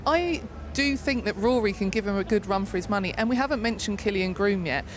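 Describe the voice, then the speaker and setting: A woman pundit weighs up the contest in a measured voice. She sometimes stalls and restarts as she builds her point. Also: medium pitch, expressive, slight background noise. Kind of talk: studio punditry.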